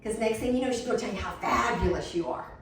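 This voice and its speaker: A middle-aged woman, telling a blunt, animated story while setting a table. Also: on the high side, fast, distant mic, a little hiss or hum. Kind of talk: casual storytelling chat. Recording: echoey room, voice from off the mic.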